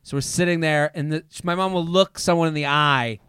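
A man hosting a podcast, telling an animated story and acting out the people in it. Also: a little fast, clear, resonant tone, dry recording. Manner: animated storyteller, acts out his mom's lines in a high voice. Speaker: podcast host. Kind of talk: casual storytelling chat.

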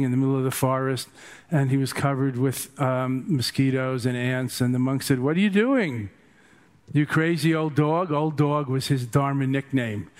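A man's voice: mid-range voice, clean tone. An older man, a meditation teacher, giving a dharma talk full of humorous, rambling stories.

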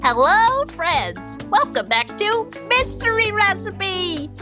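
A woman voicing a chatty female oven mitt who co-hosts a scripted children's podcast in a high, bouncy, sing-song voice. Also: sing-song, slow, music in the background, heavily acted. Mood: cheery. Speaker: co-host.

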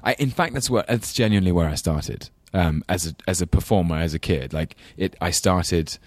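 A man with a low voice and an English London accent muses at length, stopping and restarting his sentences. He laughs easily and pokes fun at himself. The sound is dry and close. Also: moderate pace, dry recording. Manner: thoughtful, rambling, self-deprecating, laughs often. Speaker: actor guest. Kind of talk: casual interview chat.

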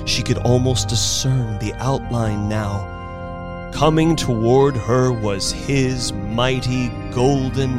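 A man performing a dramatic story reading as the storyteller, expressive and unhurried. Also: mid-range voice.

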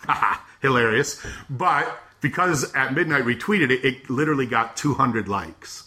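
A man hosting a podcast, chatting casually and retelling scenes with animated laughter. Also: medium pitch, moderate pace, few pauses. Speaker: podcast host. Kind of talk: casual chat.

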